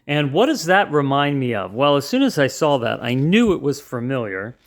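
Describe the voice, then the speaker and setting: A man's voice: medium pitch, very animated, normal speed. A man hosting a casual toy review, chatting and explaining the features step by step as he handles the toy.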